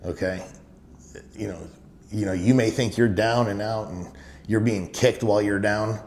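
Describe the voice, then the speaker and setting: A man's voice: lowish voice, steady tone, normal speed, a little mellow. A middle-aged man telling stories in an interview, speaking emphatically and leaning on "you know" fillers. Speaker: business owner guest. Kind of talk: candid interview storytelling. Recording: echoey room with faint noise.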